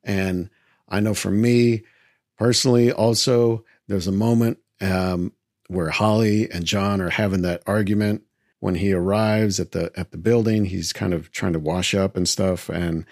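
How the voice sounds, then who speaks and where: A man's voice: lowish voice, a little slow, a little mellow, no echo, studio quality. A male podcast host giving casual film commentary, rambling and enthusiastic, with many fillers.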